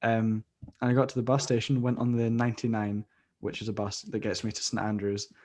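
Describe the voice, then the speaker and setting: A man's voice: fairly low pitch, level tone, a little fast, darkish tone, slight background noise. A young Scottish man, a podcast co-host, telling a long rambling story in casual chat and acting out the people he quotes. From Scotland. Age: young adult.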